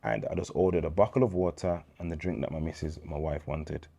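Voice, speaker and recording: A man in his thirties with a Birmingham accent speaks in a very low, deep voice. He tells stories in a relaxed interview style, full of slang, and acts out every quoted line. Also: fairly quick, creaky. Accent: Birmingham English. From England. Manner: animated storyteller, slang-heavy, acts out quoted dialogue. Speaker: interview guest. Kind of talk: casual storytelling interview.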